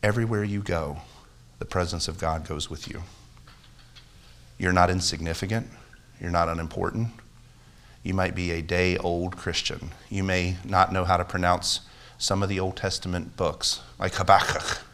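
Low and fairly bright in tone, the man's voice has a flat delivery at normal speed. He is a pastor preaching earnestly and emphatically, repeating phrases and building to a closing prayer of increasing intensity.

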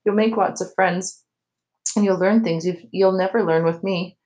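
A woman voicing a gentle, caring mother who patiently coaxes her son in a storybook reading. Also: mid-range voice, steady tone, moderate pace, natural voice, poor audio. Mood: coaxing. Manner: patient, coaxing.

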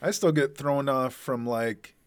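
A man's voice: mid-range voice, unhurried, dry recording. A man co-hosting a casual podcast chat, laid-back and often chuckling. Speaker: podcast co-host.

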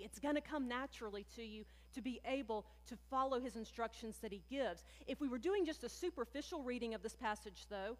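A woman pastor preaches with a high, bright-pitched voice, talking to her congregation as friends and leaning hard on key words. Her voice rings out with a long echo, as if it fills a large sanctuary. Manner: conversational, addresses listeners as friends, animated emphasis. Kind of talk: sermon. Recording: long hall reverb.

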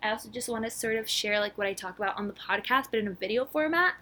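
A woman in her twenties hosting a casual solo podcast, bubbly and rushed, with lots of filler words and a slightly breathless delivery. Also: mid-range voice, expressive, sharp tone. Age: 20s. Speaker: podcast host.

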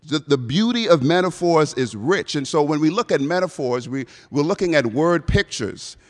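A man's voice: on the high side, expressive, moderate pace. Male pastoral preacher, semi-Bahamian American accent, conversational sermon, reverberant church hall. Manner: conversational, asks the congregation questions. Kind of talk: evening sermon.

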